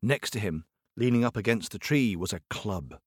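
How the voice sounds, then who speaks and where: A man telling a folk tale to children in a playful, expressive way, speaking straight to his listeners. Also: on the low side, moderate pace, breathy edge, no echo, clean studio sound. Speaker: storyteller. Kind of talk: animated storytelling for children.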